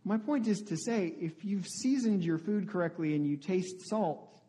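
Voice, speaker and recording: A man's voice: high-pitched, normal speed, mellow. A male pastor giving a conversational sermon, often asking the congregation questions. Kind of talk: interactive sermon.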